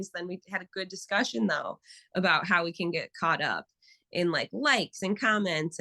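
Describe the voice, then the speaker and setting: Bright-voiced woman telling stories. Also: on the low side, gravelly, low-quality recording. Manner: animated storytelling with acted quotes. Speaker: therapist guest. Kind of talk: casual interview talk.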